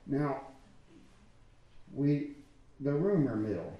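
A man's voice: sits high, animated, normal speed, a little mellow, muffled recording. A man preaching a sermon as pastor, talking conversationally and acting out quotes from people. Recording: echoey church hall.

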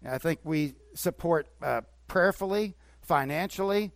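In this sermon, a pastor with a voice sitting a little high speaks a bit slowly, building to emphatic bursts and dropping to quiet asides. It's recorded dry and close, free of room echo.

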